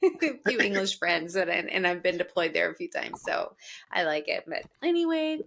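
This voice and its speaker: Southern woman co-host, bright tone, animated chatty storyteller. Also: fairly low pitch, normal speed, vocal fry, a little hiss or hum. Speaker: podcast co-host. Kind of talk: casual chat.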